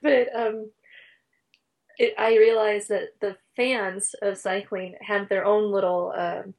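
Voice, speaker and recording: A woman guest in a casual interview, speaking haltingly with many ums and restarts. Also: medium pitch, steady tone, creaky. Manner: hesitant, halting, lots of fillers, warm enthusiasm. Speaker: race reporter guest.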